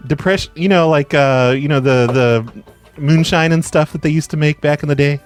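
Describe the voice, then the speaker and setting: A man making a prank phone call, playing a dim tenant in a deadpan, innocent way. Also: on the high side, fairly quick, faint music behind. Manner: deadpan, innocent, absurdly calm. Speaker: prank caller.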